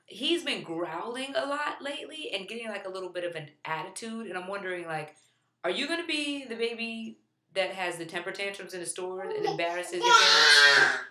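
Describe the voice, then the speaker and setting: Bright chatty mom talking to the camera, playful, lots of "like", roomy sound. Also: female voice, mid-range voice, lively intonation, brisk. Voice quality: chatty, filler-heavy delivery. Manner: playful, talks to the baby in between. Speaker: mother and vlogger. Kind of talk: casual chat to camera.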